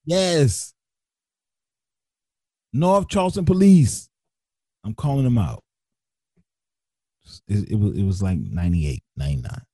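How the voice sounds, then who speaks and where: A man tells a story in a husky, dark voice that leaps high whenever he acts out what others said. He keeps restarting sentences and slips into slang. The sound is close and dry, with no room around it. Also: huge pitch swings, moderate pace, pauses often, no echo. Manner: acts out others' lines with big pitch jumps, frequent restarts and slang. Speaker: guest telling a personal story. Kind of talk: animated storytelling.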